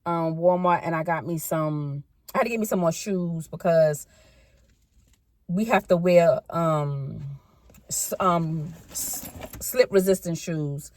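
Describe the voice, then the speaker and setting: A woman's voice: mid-range voice, no echo. A woman in her fifties chatting casually in a rambling, self-correcting way for a car-ride vlog. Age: 50s. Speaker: vlogger.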